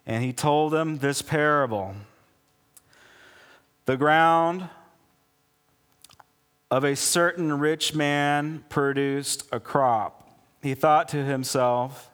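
A male pastor telling a parable in a casual, animated sermon, full of conversational fillers. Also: on the high side, slow, pauses often, in a large hall.

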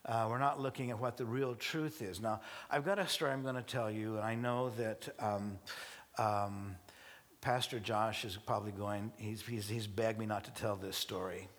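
A male pastor preaching to his congregation, halting with many restarts and light joking asides. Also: lowish voice, steady tone. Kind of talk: sermon. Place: church service before a congregation.

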